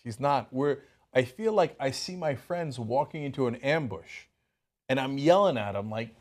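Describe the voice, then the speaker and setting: A man hosting a political talk show, giving animated and worked-up commentary. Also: high-pitched, moderate pace.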